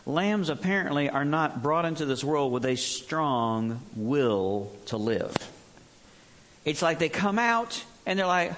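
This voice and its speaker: High, lively-voiced male preacher. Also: unhurried, a little hiss or hum. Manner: animated storytelling, acts out voices. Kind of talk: sermon.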